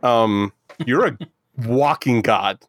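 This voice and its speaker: A man's voice: mid-range voice, slow, a bit bright, no echo. A man co-hosting a casual movie review podcast, rambling, sarcastic and profane. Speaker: podcast co-host.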